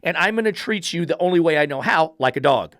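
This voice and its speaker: A blunt, simple-minded dog thinks out loud, as a man puts him on, matter-of-fact and unbothered. The voice sits a little high, and the sound is close and dry. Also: lively intonation, fast talker, no room sound. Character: plain-talking male dog sizing up humans.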